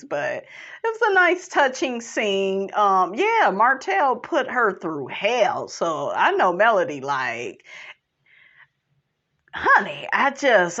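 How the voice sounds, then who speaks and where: A woman hosting a podcast, recapping in a sassy, animated way, laughing often and calling listeners "honey". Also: medium pitch. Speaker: podcast host recapping a reality show. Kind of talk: casual recap chat. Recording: dull lo-fi recording.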